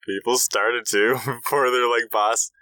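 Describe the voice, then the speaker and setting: A man's voice: mid-range voice, fairly even intonation, bright, forceful tone, no room sound. A man co-hosting a podcast in casual chat, tossing in short quips and asides. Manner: dry quick quips and asides. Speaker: podcast co-host.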